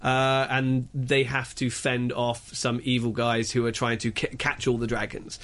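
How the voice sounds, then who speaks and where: A man reviews films on a radio show in casual chat, telling the story in an animated, rambling way with lots of restarts. His voice is mid-range and a little slow.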